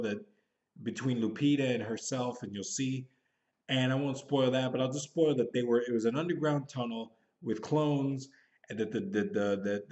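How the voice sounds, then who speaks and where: Thirties man, mid-pitched, rambling casual film review, hurried, dull lo-fi home recording. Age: 30s. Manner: rambling, hurried, thinking aloud. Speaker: movie reviewer. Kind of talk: casual spoken movie review.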